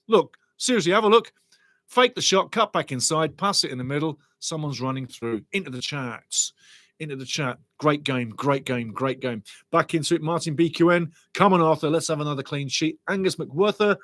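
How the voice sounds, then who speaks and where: A middle-aged man hosts a live football watch-along, calling the play with excitable, chatty energy. His voice sits a touch high, and the sound is dry and close with no room around it. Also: moderate pace, no echo. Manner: excitable, chatty, reads viewer comments aloud.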